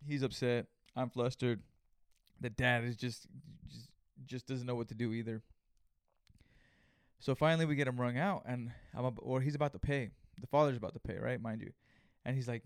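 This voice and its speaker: A man's voice: mid-range voice, steady tone, moderate pace, smooth, no echo, studio quality. A man hosting a solo podcast, telling a story in a rambling, casual way full of fillers. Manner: rambling, filler-heavy, conversational. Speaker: podcast host.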